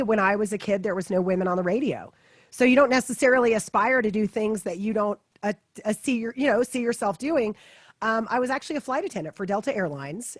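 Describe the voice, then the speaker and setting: A woman's voice: medium pitch, no room sound. A woman from Florida who works as a talk radio host, guesting on an interview and telling her story in a chatty, self-deprecating way.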